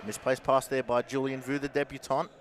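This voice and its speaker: A man giving animated co-commentary and analysis on a futsal match. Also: medium pitch, brisk, noisy background. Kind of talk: live sports commentary.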